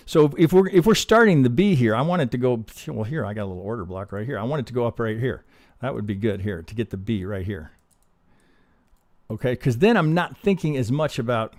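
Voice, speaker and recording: This trading educator has a medium-pitched, darkish, expressive voice and talks fairly quickly. Teaching on a live stream, he speaks casually and profanely and poses rhetorical questions while reviewing charts.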